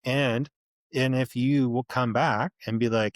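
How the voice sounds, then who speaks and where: A man's voice: medium pitch, a little slow, dry recording. A man in his thirties, a podcast co-host, telling a story in casual chat, swearing freely and acting out both sides of an argument. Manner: animated, profane, acts out both sides of an argument.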